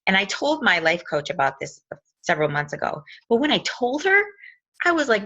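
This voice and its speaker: A woman giving an animated motivational talk, telling stories and acting out what people said. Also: lowish voice, fast, dull audio. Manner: animated storytelling, acts out quotes.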